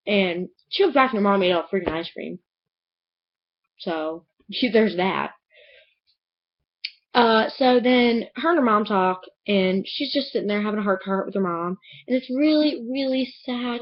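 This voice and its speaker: A woman's voice: medium pitch, highs cut off. A young woman in a casual book review vlog, chattily retelling a plot with lots of "like". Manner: gushing, chatty retelling with many "like"s.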